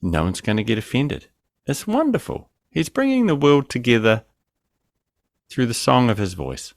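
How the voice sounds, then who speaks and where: A man's voice: medium pitch, sing-song, moderate pace, no room sound. A man co-hosting a podcast over a remote call, ranting crudely and joking in casual banter. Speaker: podcast co-host.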